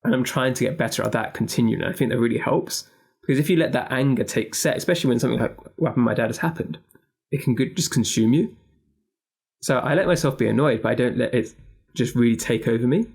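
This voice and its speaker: A man with a gravelly edge to his voice talks candidly in an interview. His tone is earnest and reflective, with a middle pitch. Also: fast, darkish tone. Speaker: podcast guest, founder.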